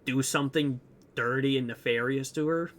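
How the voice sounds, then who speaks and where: Bright-voiced young man rambling casually. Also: medium pitch, moderate pace. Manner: rambling, filler-heavy, animated retelling. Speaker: podcast co-host. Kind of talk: casual chat.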